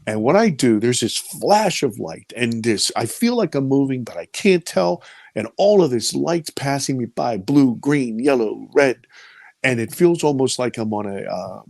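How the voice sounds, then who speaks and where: Man in his 50s, interview storyteller, gravelly, dry close sound, vivid and repetitive. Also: mid-range voice, animated, a little slow, a little mellow, no room sound. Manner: vivid storyteller who repeats words when caught up in the story. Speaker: interviewee recounting an encounter. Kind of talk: personal storytelling testimony.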